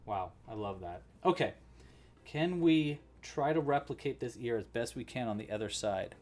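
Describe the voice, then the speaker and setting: A man's voice: mid-range voice, lively intonation, moderate pace, a little mellow. A man hosting a casual live crochet tutorial, chatting with viewers and counting stitches aloud as he works. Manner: chatty, reacts to live chat while crocheting; counts stitches aloud under his breath. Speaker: crochet livestream host.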